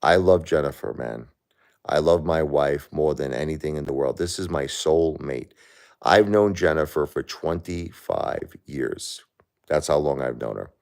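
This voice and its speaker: A man with an extremely deep, low voice talks straight to his viewers on a live stream. He sounds grief-stricken and stressed, halting and repeating words as he goes. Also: lively intonation, vocal fry, a little mellow. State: grieving, stressed. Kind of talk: emotional live-stream chat.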